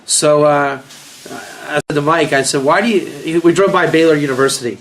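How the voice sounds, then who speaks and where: Chuckling South African rabbi, rambling. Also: male voice, on the high side, moderate pace, fairly bright tone. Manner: rambling, chuckling, many restarts. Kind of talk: casual storytelling class.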